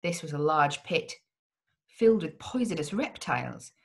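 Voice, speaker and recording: A woman's voice: low-pitched, expressive, moderate pace, vocal fry. A woman hosting a read-along, reading a gothic novel aloud with drama and the odd slip. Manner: dramatic reading with occasional slips.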